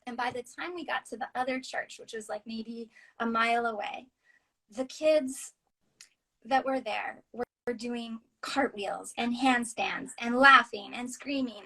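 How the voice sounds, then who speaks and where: Earnest, halting woman author on a podcast, higher voice, telling personal stories. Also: rough recording. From United States. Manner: earnest, halting, drops softly near a whisper at times. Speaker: author and interview guest. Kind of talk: personal storytelling in conversation.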